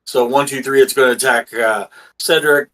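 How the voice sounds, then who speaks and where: A man running a tabletop game as game master, casual and halting with fillers, cursing freely. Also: mid-range voice, fairly even intonation, pushed and bright, slight background noise, poor audio.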